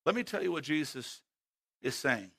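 A man preaching a sermon who swings between loud, emphatic calls and hushed, slow passages, and often asks the congregation direct questions. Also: fairly high pitch, big pitch swings, gravelly, slightly rough.

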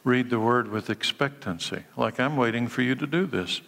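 A bright, forceful male pastor delivering a sermon with emphatic conviction. He swings between urgent declarations and hushed, quiet passages. His voice rings out with a long hall reverb. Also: mid-range voice, normal speed, vocal fry. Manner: emphatic preaching, drops to hushed tones for stories.

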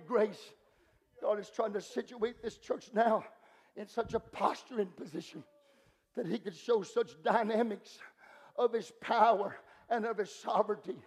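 A man preaching a revival sermon, swinging between shouted, rhythmic climaxes and hushed, intimate stretches, with a repeated "uh" between phrases. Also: sits high. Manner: punctuates phrases with "uh", repetitive rhythmic cadence. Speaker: guest preacher. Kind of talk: Pentecostal-style revival sermon.

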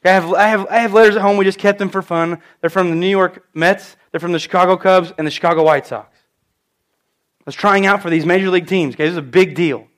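A man's voice: sits high, fairly even intonation, fast, fairly bright tone. A man in his thirties preaching a sermon, telling personal stories in an emphatic way.

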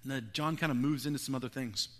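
A man's voice: medium pitch, steady tone, fast talker. A man preaching a sermon, retelling a scripture story in casual, conversational paraphrase. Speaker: pastor.

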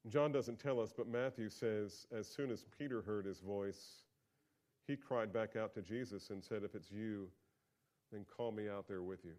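Lower-voiced male pastor preaching a sermon. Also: moderate pace. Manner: conversational, with big swings from quiet asides to loud emphatic peaks.

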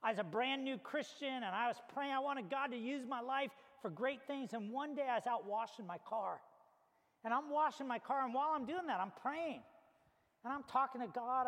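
A male pastor with a strikingly high voice tells a story from the pulpit in an animated, chatty way. His voice rings with the long reverb of a big hall. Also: normal speed. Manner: animated, conversational, with casual fillers. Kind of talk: storytelling sermon.

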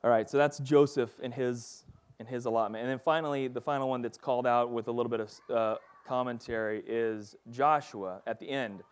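A man's voice: medium pitch, steady tone, a little fast, clear, resonant tone. A man giving a casual, conversational Bible teaching, reading passages and talking them through with lots of fillers. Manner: casual and chatty, with frequent fillers like "like" and "you know".

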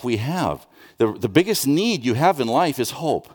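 A man preaching a sermon, conversational with restarts and rhetorical questions, dropping soft and then rising with urgency. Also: mid-range voice, big pitch swings, normal speed, soft background music. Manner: swings from soft, hushed lines to raised, urgent questions. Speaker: pastor.

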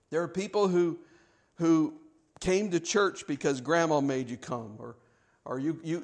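A middle-aged male pastor with a slightly high voice preaches a sermon in a church. He's animated and playful, swinging between hushed lines and loud, emphatic ones.

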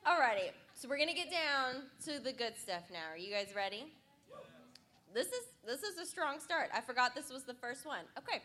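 A woman's voice: high voice, sing-song, normal speed, sharp tone. A woman hosting a casual Q&A, upbeat and playful as she reads out questions. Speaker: host reading questions.

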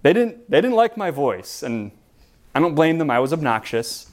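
A man preaching a sermon as pastor, in a relaxed, conversational way with frequent restarts and repeated words. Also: on the high side, moderate pace.

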